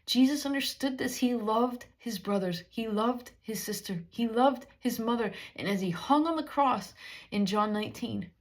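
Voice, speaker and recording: A woman's voice: a little high, lively intonation, moderate pace. A woman preaching a sermon in an earnest, conversational way, with many rhetorical questions.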